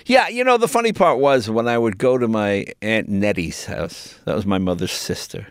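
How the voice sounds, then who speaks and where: An older American man telling lively, laughing anecdotes as an interview guest. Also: fairly low pitch, moderate pace, clean tone, dry recording, clean studio sound. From United States. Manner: animated anecdotes, laughing, jumping into voices. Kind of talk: casual storytelling in an interview.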